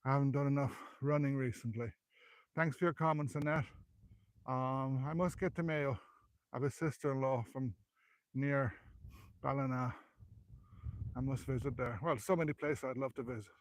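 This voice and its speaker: A man's voice: mid-range voice, fairly even intonation, normal speed, pauses often, no room sound. An out-of-breath Irish man giving a chatty, rambling live history tour outdoors, filming on a handheld phone as he climbs. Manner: chatty, rambling, self-correcting. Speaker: local history guide. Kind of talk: live walking history vlog. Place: outdoors on a hillside graveyard. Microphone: handheld phone while climbing.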